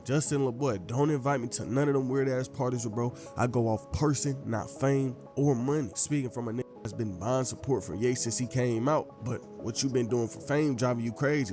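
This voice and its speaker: A man narrating a commentary voice-over in a casual, slang-heavy way. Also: medium pitch.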